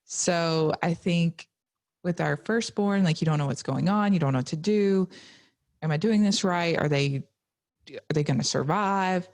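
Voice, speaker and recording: Low-voiced chatty woman. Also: a little slow, a little mellow. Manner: chatty, lots of "like" fillers. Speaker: podcast co-host. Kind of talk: casual chat.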